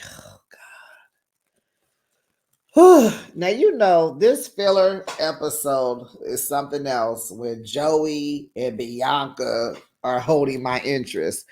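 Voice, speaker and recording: A reality TV recap host giving sassy, teasing, animated commentary in a casual chat style and calling viewers honey. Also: mid-range voice.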